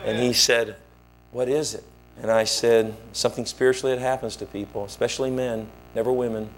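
Here a man delivers sermon stories at a fairly quick clip, his voice sitting in the mid range. As a pastor, he animates each tale by acting out the people in it.

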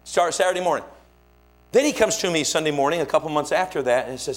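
A man's voice: on the high side, fairly quick, slight background noise. A male pastor, preaching a sermon and telling stories, acting out the people he quotes. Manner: animated storyteller, acts out quoted voices. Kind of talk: sermon storytelling.

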